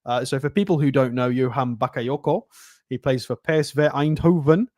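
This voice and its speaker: A man co-hosting a football podcast, talking through a player in a quick, casual, analytical way. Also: mid-range voice, darkish tone, no room sound, studio quality. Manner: chatty, fast, analytical. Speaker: co-host.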